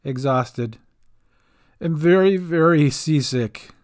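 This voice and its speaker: A man doing a seasick, deadpan halfling. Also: on the high side, takes it slowly. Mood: weary. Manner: weary, dry and deadpan. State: queasy and exhausted. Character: tired seasick halfling farmer, small.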